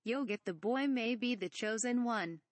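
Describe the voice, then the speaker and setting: A woman reads a fan parody script aloud, voicing a small, mischievous old male swamp creature who inverts his word order. Her voice is on the high side, close to her everyday one, at a moderate pace with no room sound, and the mood is teasing.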